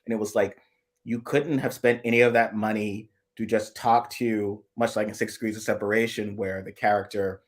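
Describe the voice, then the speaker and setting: A man's voice: lowish voice, steady tone, moderate pace. A man co-hosting a casual live chat, thinking aloud in long analytical asides with frequent restarts. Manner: rambling, analytical, many restarts. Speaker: co-host.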